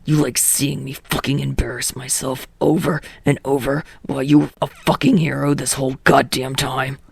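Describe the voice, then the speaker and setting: A woman plays a brash young male hero in a fan audiobook, voice dropped low, gravelly and husky. He snarls his words with a flat, clipped bite. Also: drawn-out words, no room sound, full character voice. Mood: bitter rage. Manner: snarling, swearing outbursts. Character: hot-tempered young male hero, brash and foul-mouthed.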